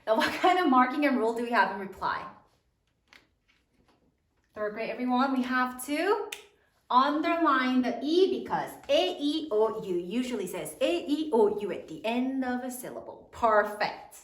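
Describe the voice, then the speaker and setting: A woman's voice: fairly high pitch, expressive, normal speed, distant mic. A woman teaching a third grade spelling lesson, sounding out words letter by letter in a sing-song way. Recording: echoey room, voice off-mic.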